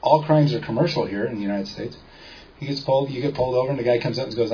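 A man's voice: medium pitch, steady tone, fast talker, warm tone, lo-fi sound, slight background noise. A man giving an informal talk to a small audience, often checking in with listeners as he explains. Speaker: seminar speaker.

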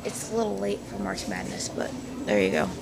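Woman vlogger, rambling and jokey; heavy vocal fry, loud store noise behind. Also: rumbling low, very animated, a little fast. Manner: chatty, rambling, jokey asides. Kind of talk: casual store walkthrough vlog. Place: big retail store, indoors. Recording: noisy store background.

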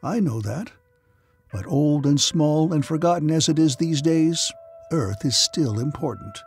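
A man voicing a calm alien psychotherapist. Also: a little high, measured pace, gravelly, faint music behind, voice pushed up. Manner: calm, sober, thoughtful.

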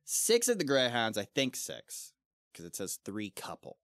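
A man's voice: medium pitch, huge pitch swings, measured pace, a bit bright, dry recording, studio quality. Casual man retelling a story. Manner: casual, laughs often, mixes archaic quotes with slang. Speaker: book club podcast host.

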